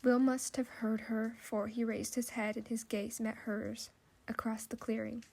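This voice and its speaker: Woman narrating evenly in a steady register. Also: a little high, creaky. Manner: even, measured storytelling. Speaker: audiobook narrator. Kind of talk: scripted narration.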